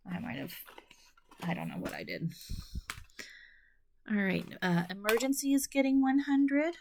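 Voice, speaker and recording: A woman's voice: lowish voice, vocal fry, a little hiss or hum. A middle-aged woman hosting a budgeting video, chatting casually and counting bills half under her breath between asides. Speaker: budgeting channel host. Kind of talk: casual chat while counting cash.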